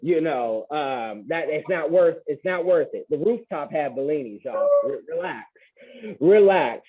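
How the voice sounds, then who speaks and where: This man hosts a podcast interview in a loose, joking way and throws folksy asides to the audience. His voice sits on the higher side for a man. It comes through a narrow, telephone-like line. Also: lively intonation, moderate pace, breathy edge. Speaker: podcast host. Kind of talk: casual interview chat. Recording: tinny phone-like line.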